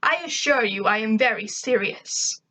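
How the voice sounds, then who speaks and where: A woman voicing an arrogant male alien invader who talks in a pompous, shouting way. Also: a little high, animated, moderate pace.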